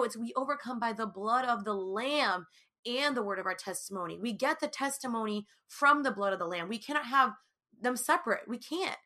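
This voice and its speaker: A woman's voice: on the high side, sharp tone. A young woman talking casually and earnestly to viewers about her faith, with many fillers. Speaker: Christian speaker sharing her testimony.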